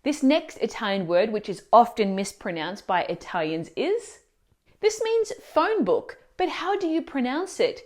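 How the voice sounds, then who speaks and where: A woman teaching Italian pronunciation in a scripted video lesson, explaining words clearly and asking the viewer questions. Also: fairly high pitch, sing-song, unhurried, darkish tone.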